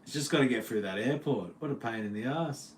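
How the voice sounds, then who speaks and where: A man's voice: mid-range voice, brisk. A middle-aged man with an Australian accent, chatting casually and profanely on a livestream as a metal guitar teacher at home. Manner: laid-back, slangy and profane.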